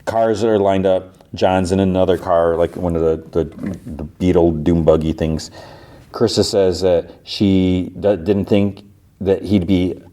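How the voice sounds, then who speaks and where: A man hosting a podcast, casually recapping an episode in a loose, rapid way, quoting characters as he goes. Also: low-pitched, steady tone, mellow. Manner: rapid retelling with "he's like" quotes, loose restarts. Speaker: podcast host.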